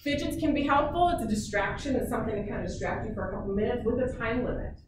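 A woman's voice: a little high, fast. Female psychologist, casual presenter, constant "okay?" check-ins; distant mic, reverberant hall, audible room noise. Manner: chatty, peppered with "okay?" checks. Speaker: psychologist giving a parenting talk. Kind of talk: informal presentation to parents. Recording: echoey room, mic far off, noisy.

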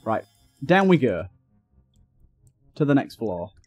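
A man's voice: mid-range voice, sing-song, takes it slowly, darkish tone, breathy edge, no echo, muffled recording, faint music behind. A young man giving let's play commentary, swearing and breaking into frustrated outbursts. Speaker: gaming YouTuber.

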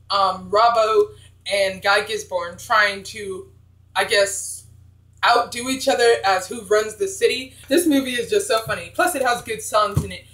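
A young vlogger rambles bluntly through old movie picks in a casual, chatty review. The voice sits at a middle pitch. There is a roomy echo around it. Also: a little slow, a bit bright.

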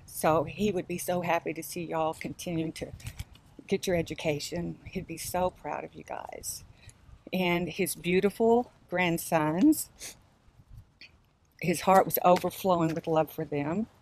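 A woman's voice: fairly low pitch, fairly even intonation, a little slow, darkish tone, a little hiss or hum. An older woman giving a chatty eulogy in a church, laughing as she shares stories. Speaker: family member giving a eulogy. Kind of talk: memorial speech.

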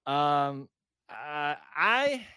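A man's voice: on the high side, big pitch swings, extremely slow, pushed and bright, clear, resonant tone, no room sound, studio quality. A man co-hosting a casual sports podcast, chatty and enthusiastic, with folksy exclamations. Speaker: podcast co-host.

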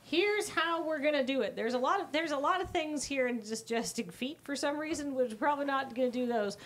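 A woman running a live charity stream, briskly calling out one challenge after another. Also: sits high. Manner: brisk, calls out instructions, playful. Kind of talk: fast live stream hosting.

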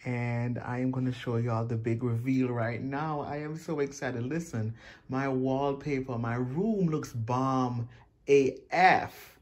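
A man vlogging casually and excitedly, showing off his newly decorated bedroom in slangy chat. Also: medium pitch, slow. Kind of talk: casual home vlog.

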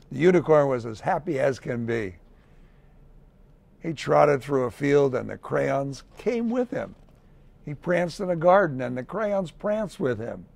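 A man, a city mayor, reading a children's picture book aloud in a gentle storytelling manner. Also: mid-range voice, creaky, breathy edge, no room sound. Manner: gentle, slow storytelling with lively read-aloud voices.

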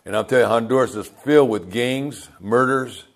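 A man's voice: medium pitch, normal speed. An older man preaching a sermon as pastor, telling folksy stories and calling out to the congregation.

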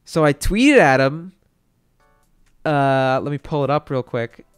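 A young man telling a story to his stream chat, excitable and rambling, with lots of fillers and swearing. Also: a little high, slow pace, clear, resonant tone, faint music behind.

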